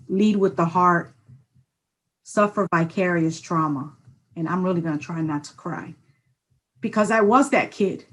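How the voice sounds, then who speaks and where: A woman from New York, a former educator co-hosting a podcast, speaking emotionally with soft laughs. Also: mid-range voice, poor audio. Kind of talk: casual podcast chat.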